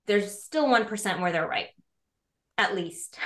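A woman's voice: mid-range voice, expressive, a little slow, fairly bright tone. A woman guest on a podcast, chatting animatedly and illustrating her points with examples. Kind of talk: casual chat.

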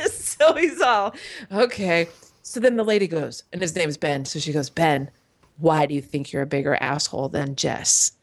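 A woman's voice: low-pitched, lively intonation, moderate pace. A woman casually telling a crude comic story, laughing often and acting out the people she quotes.

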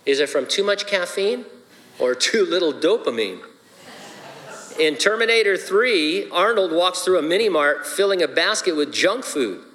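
A man's voice: high-pitched, animated, moderate pace, a bit bright. A man, a pastor, preaching a sermon with playful, joking asides. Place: church sanctuary. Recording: long hall reverb.

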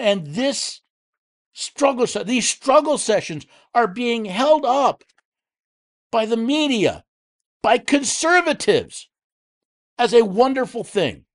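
A man hosting a political commentary show, speaking angrily and heatedly, with frequent restarts and repeated words. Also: extremely high pitch. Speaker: host.

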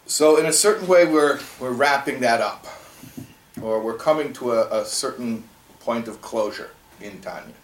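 A man's voice: mid-range voice, normal speed, recorded from a distance, a little hiss or hum. A man teaching a class, echoey room. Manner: conversational, rhetorical questions to students. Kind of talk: classroom Torah lesson.

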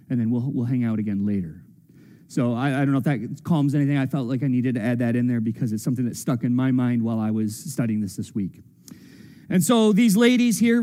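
A man's voice: fairly high pitch, darkish tone, long reverb tail. A man preaching a sermon as a pastor, casual and joking, with playful quoted voices. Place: church sanctuary.

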